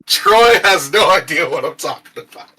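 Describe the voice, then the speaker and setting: A man's voice: a little high, lively intonation, moderate pace, sharp tone, breathy edge, low-quality recording. A man playing a tabletop game, chatting casually, repeating himself and swearing. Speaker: player.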